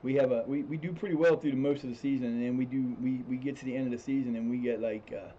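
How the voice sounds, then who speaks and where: A man with a mellow, somewhat dark voice talks his way through a football management game on a live stream, circling back and restarting sentences as he thinks aloud. The audio is slightly dull and lo-fi, with a faint hiss underneath. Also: medium pitch, steady tone, fast talker. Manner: rambling, restarts sentences, swears when frustrated. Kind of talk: casual gameplay commentary.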